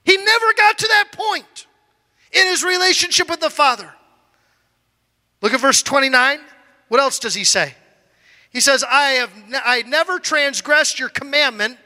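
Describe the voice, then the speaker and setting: A man preaching a sermon, moving from loud shouted lines to quiet low asides. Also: long reverb tail.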